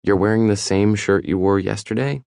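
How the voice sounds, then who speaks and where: Sharp, probing young woman, read by a man. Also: fairly low pitch, creaky, no echo, clean studio sound, voice pushed up. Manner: brisk, deductive questioning. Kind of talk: audiobook dialogue.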